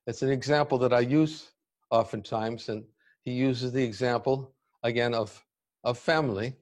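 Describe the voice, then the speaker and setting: Male devotional teacher, middle-pitched, measured and thoughtful delivery, reads passages aloud. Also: fairly even intonation. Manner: deliberate, searching for words, reading commentary aloud. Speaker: spiritual teacher giving a class. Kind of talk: devotional scripture class.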